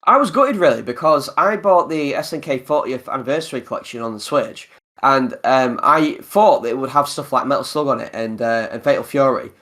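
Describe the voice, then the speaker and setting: A man hosting a casual gaming podcast, rambling and animated, often laughing. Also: medium pitch, a little fast. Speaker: podcast host.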